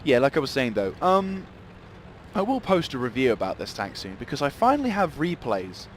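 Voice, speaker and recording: A man's voice: medium pitch, very animated, moderate pace, slight background noise. A man giving live gameplay commentary, rambling and swearing in sudden outbursts.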